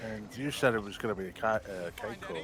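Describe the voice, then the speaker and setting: A man's voice: lowish voice, brisk, a crowd in the background. A young man joking around and mock-scolding his friend in casual chat. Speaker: streamer co-hosting a reaction video.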